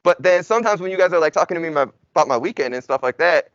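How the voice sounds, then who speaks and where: A man's voice: a little high, animated, rapid-fire, a bit bright, lo-fi sound. A young man, a native English speaker, teaching Spanish in a casual, chatty classroom lecture full of "like" and "y'all". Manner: chatty, informal, uses y'all and like.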